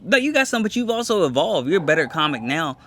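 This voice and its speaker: A man's voice: fairly high pitch, sing-song, a bit bright. Boastful man chatting on a podcast. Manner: boastful, candid, talks in quick restarts; swears freely. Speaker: comedian and podcast co-host. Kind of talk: casual chat.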